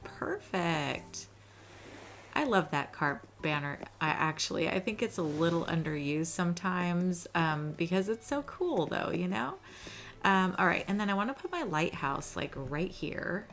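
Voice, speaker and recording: A woman's voice: fairly low pitch, animated, measured pace, fairly bright tone. Cozy, chatty woman gaming host. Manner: chatty and cozy, often says "little". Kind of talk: casual gameplay commentary. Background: background music.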